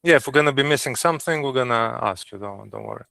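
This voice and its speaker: A man's voice: medium pitch, fast talker, creaky, pushed and bright, dry recording. A man, a trip planner briefing clients on a video call, earnest and hesitant with fillers.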